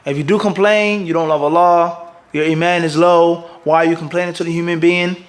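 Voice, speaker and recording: A middle-aged man with a fairly high voice teaches a religious lesson to a class. He speaks with lively energy and drops in Arabic terms. He keeps pausing on "what?" for the room to answer and asks whether everyone is following. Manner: quizzes listeners with fill-in "what?" prompts; keeps checking "everybody understand this?". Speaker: mufti teaching a hadith class. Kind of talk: religious lecture.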